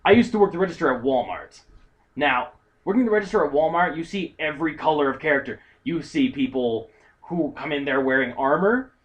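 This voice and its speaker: A young man spins crude, animated work stories on a casual comedy talk show. His voice sits a little high for a man, and he keeps the telling lively and rude. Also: a little fast. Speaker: podcast co-host.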